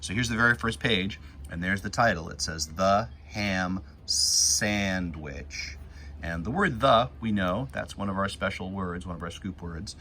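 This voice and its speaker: Man, teacher, reading a picture book word by word, slow patient delivery, low pitch, crisp bright tone. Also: slight background noise. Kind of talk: guided reading lesson for young children.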